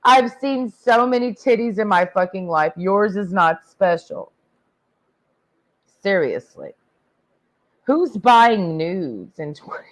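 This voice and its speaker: A woman's voice: mid-range voice, lively intonation, takes it slowly, pauses often. A woman livestreaming a blunt, crude, rambling rant while tipsy from drinking. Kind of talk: profane ranting livestream monologue.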